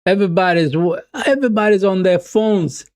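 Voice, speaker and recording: A man with a Swedish accent streaming a live football watch-along, excitedly cheering on his team and chatting casually with viewers. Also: high-pitched, a little fast, no echo, studio quality. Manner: self-mocking, casual asides to viewers.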